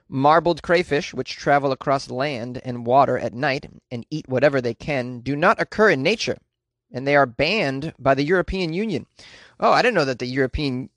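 A man offers casual, sarcastic commentary on news stories, reading quotes aloud and riffing on them with asides in between. His mid-range voice is expressive and a bit bright, at a moderate pace, in a studio-quality recording with no echo.

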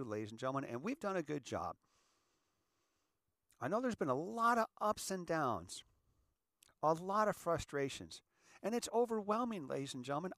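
A man's voice: on the high side, no room sound. Rambling middle-aged man, close and dry. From California. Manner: rambling, animated, acts out little scenes. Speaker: host. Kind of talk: casual monologue.

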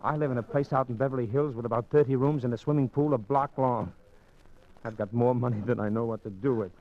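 A man's voice: medium pitch, quick pace, close to an everyday voice. A man playing a wealthy, courteous man under suspicion in 1940s radio acting, easygoing with hesitant restarts. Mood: tender. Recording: dull lo-fi old radio recording, faint music.

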